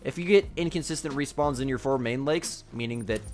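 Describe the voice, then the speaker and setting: A man's voice: mid-range voice, brisk, a little mellow, soft background music. A young man chatting casually on a live gaming stream, reading chat and talking through a nagging cough. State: sick with a cough.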